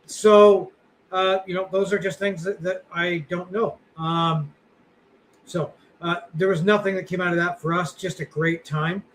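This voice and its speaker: A man's voice: high voice, steady tone, unhurried, a little hiss or hum, poor audio. A man co-hosting a podcast, chatting casually in a rambling, blunt way with lots of fillers and the odd curse. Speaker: podcast co-host.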